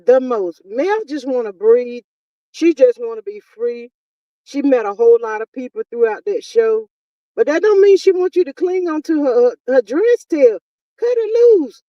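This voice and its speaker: A woman's voice: high-pitched, no room sound, far from the mic, dull audio. A woman, chatting casually and exasperatedly as a live-stream commentary host. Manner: exasperated, talkative, drawn-out exclamations.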